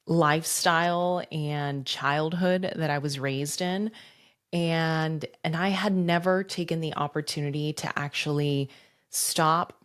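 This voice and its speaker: Woman podcast host, low voice, earnest personal storytelling, thirties. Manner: reflective, earnest, rhetorical questions.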